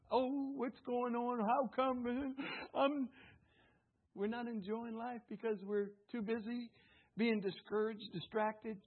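A man preaching with a high, husky voice, urging the congregation to answer him back. His delivery jumps between loud exclamations and near-hushed asides. The audio sounds thin and phone-like. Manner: fervent preaching with call-and-response prompts to the congregation. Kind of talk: sermon. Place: church service.

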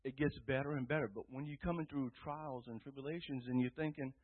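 A man giving an earnest, rambling personal testimony to a church group, rising loud when he quotes himself, with a tinny phone-like sound. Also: medium pitch, steady tone, fast. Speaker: testimony speaker.

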